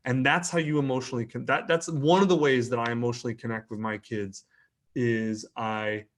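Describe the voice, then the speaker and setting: A man's voice: medium pitch, fairly even intonation, a little fast. Frank, earnest man telling a story. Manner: earnest and frank, swears casually, frequent restarts. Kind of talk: candid conversational storytelling.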